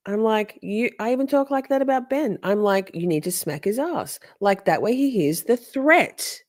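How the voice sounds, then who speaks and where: Woman host, casual chatty commentary, animated pitch, sarcastic asides. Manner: chatty, sarcastic, reenacts quotes in voices. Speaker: host recapping a trial.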